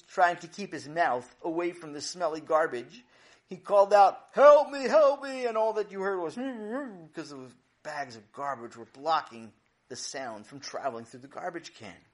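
A man narrating a children's story in a playful, dramatic way. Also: a little high. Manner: animated, playful, dramatic build-ups.

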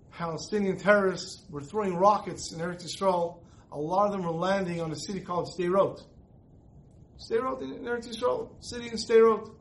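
A man voicing an earnest, quietly devoted man who explains himself plainly as he retells a story. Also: sits high, close to an everyday voice.

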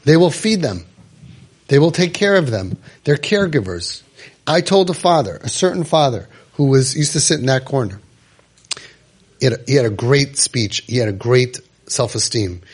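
A man leading a parent support group, speaking to a live audience in a room in a lively way with lots of fillers and acted-out quotes. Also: medium pitch, husky. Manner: animated, acts out quoted voices, many fillers.

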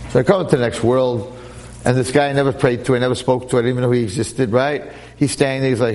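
A man lecturing and telling a story with lively jokes and frequent restarts, speaking to listeners in a room. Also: mid-range voice, fast, long reverb tail, slight background noise. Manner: animated, repetitive restarts, joking. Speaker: Jewish lecturer.

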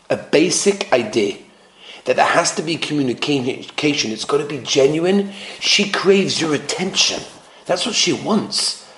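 A man, a rabbi, giving an animated lecture full of anecdotes, driving points home with emphatic repetition. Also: high voice. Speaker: rabbi giving a talk on marriage. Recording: roomy echo.

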